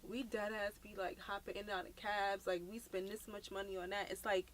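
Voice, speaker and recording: Fast, blunt woman in her thirties. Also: medium pitch, little pitch movement. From Brooklyn, New York. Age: 30s. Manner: blunt, slangy, storytelling with many "like" fillers. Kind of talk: casual podcast chat.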